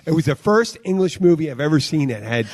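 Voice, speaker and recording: A man's voice: a little high, expressive, quick pace, darkish tone. A man co-hosting a casual podcast chat, rambling and trailing off with fillers. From United States. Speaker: podcast co-host.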